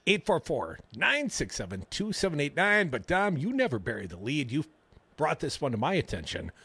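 A man's voice: a little high, big pitch swings, normal speed, pushed and bright, slightly rough, no room sound. A male radio talk show host, bantering and reading news stories with sarcastic asides in a studio. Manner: wisecracking, reads news items aloud with sarcastic asides. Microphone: studio microphone.

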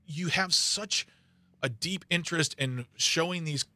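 A man filling in as a talk radio host, chatting casually and rambling with quick asides. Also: on the high side, sharp tone, dry recording.

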